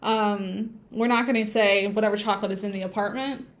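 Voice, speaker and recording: A woman's voice: medium pitch, fairly even intonation, fairly quick. A woman teaching an English speaking-test lesson on a livestream, thinking aloud and humming to herself as she types. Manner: hums and sings to herself while typing.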